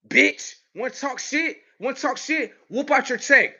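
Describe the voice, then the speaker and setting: Man ranting hard in lo-fi audio. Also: measured pace. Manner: aggressive, cursing, mocking; swings between loud outbursts and low mutters. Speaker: vlogger. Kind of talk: profane street rant.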